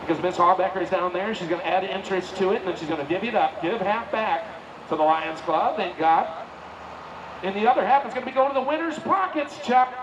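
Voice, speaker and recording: A man with a high, bright voice calls a tractor pull over the loudspeakers, cracking folksy jokes and stretching out his hype calls. He sounds distant over the PA, with engine noise rumbling behind him at an outdoor track. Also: quick pace, muffled recording. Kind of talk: live event announcing with banter. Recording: distant PA at a loud outdoor event.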